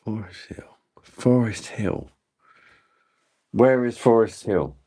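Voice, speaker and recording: A man's voice: on the low side, takes it slowly, mellow, slightly rough. A man from the UK chatting casually on a live stream, rambling and swearing as he answers viewers' comments. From United Kingdom.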